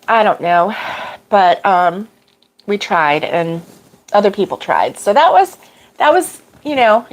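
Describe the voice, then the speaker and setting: A middle-aged woman chatting casually on a livestream at a middle pitch. She rambles with many fillers and easy laughs. Allergy sneezes and coughs come and go. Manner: rambling, chatty, laughs often, greets viewers by name. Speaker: crochet livestream host. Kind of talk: casual chat.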